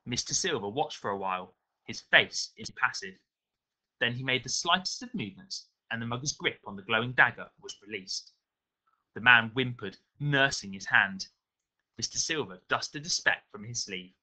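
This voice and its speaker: A male teacher reads a novel aloud to his pupils with expressive storytelling. His voice is very bright and lively, rising and falling with the tale. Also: medium pitch, moderate pace, poor audio. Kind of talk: reading a novel aloud to a class.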